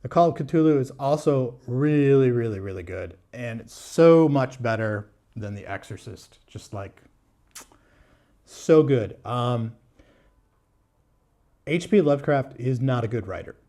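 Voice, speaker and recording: A man in a casual book-review vlog, speaking at an ordinary middle pitch. He is candid and blunt, and his talk is full of fillers, restarts and small wry laughs. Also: expressive, unhurried, mellow. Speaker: book vlogger.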